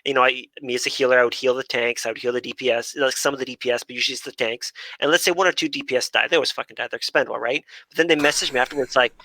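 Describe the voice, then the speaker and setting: A man on a live-stream panel, telling stories quickly and swearing freely. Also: medium pitch, fairly even intonation, pushed and bright, no room sound, low-quality recording. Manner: fast, profane storytelling.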